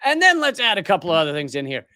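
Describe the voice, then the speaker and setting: A man's voice: high voice, wildly swooping pitch, racing, pushed and bright, no echo, studio quality. A middle-aged man hosting a live political commentary show, ranting in a heated, sarcastic and mocking way. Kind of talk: live commentary rant on news clips.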